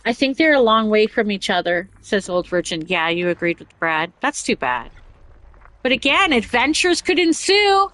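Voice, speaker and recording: A woman's voice: on the high side, sing-song, moderate pace, fairly bright tone, poor audio. A woman hosting a casual chat show, reading news aloud and rambling off on tangents with giggles. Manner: rambling, giggly, talks over herself. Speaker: podcast host.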